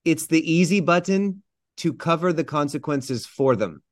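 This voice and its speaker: A man's voice: a little high, lively intonation, normal speed, no echo, studio quality. Earnest man in a podcast chat. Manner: earnest, affirming. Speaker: podcast guest. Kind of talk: casual chat.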